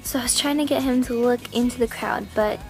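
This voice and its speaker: A young woman telling an excited, rambling story to the camera, full of "like" and acted-out quotes of herself. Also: a little high, fairly quick, faint music behind. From Canada. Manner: gushing, filler-heavy, quoting herself. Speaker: vlogger.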